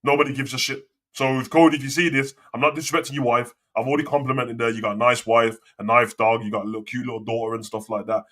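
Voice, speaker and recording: Ranting man, bright sharp voice. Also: mid-range voice, level tone, quick pace, few pauses. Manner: swearing, ranting, slangy. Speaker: wrestling show host. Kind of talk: casual live commentary and rant.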